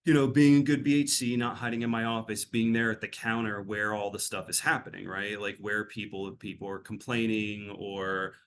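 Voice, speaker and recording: A man's voice: fairly low pitch, level tone, moderate pace, hardly any pauses, slight background noise. A man working as a behavioral health clinician, answering interview questions in a rambling, casual way, full of fillers and restarts.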